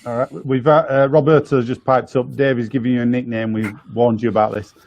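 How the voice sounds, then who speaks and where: A man's voice: medium pitch, steady tone, a little fast, darkish tone. A man hosting a comedy chat show over a video call, keeping things moving in an upbeat way. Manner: upbeat, steering the talk. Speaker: host.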